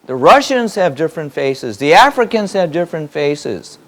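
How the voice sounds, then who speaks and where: A man's voice: a little high, very animated, normal speed. A man with a slightly raised voice delivering a spiritual teaching to a gathered audience. He drives each point with repetition and a string of rhetorical questions, speaking emphatically. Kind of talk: spoken teaching to a live audience. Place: hall in front of an audience.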